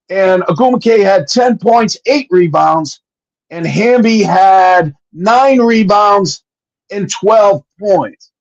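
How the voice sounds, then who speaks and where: Man, high voice, excitable betting analyst, dull lo-fi audio. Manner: excitable, swears, rattles off stats. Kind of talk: casual betting show chat.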